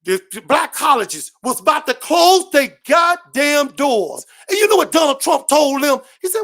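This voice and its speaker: A man's voice: very high voice, sing-song, moderate pace, vocal fry, hardly any pauses. A man speaking as a guest on a live-stream panel, delivering an impassioned, profane political rant full of repetition and swearing. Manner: shouting, preachy, repetitive, heavy swearing.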